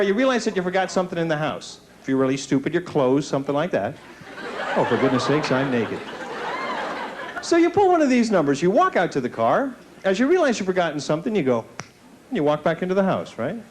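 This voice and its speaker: A man doing a stand-up comedy set, telling self-mocking stories and slipping into put-on voices. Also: sits high. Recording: faint hiss from an old VHS tape. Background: audience laughter.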